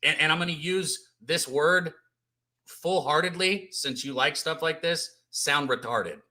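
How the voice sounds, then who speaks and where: A man's voice: a little high, a little slow, pushed and bright. A man co-hosting a sports radio show, arguing back with dry sarcasm. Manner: argumentative, sarcastic. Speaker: co-host. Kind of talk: sports debate. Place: radio studio.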